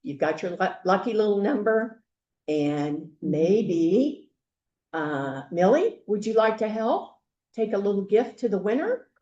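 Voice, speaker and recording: An older woman, a grandmother, hosting a group meeting with chatty, halting welcome remarks. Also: mid-range voice, sing-song, dark tone, reverberant, dull audio. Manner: chatty, halting, with many fillers. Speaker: meeting host. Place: meeting room.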